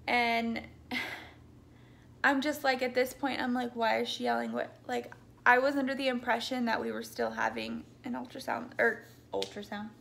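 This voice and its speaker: Telling her birth story in a rambling, casual way, a young woman uses many ums and likes and frequently backtracks. Her voice is on the high side, gravelly and fairly bright, and at times she grows tearful as it breaks.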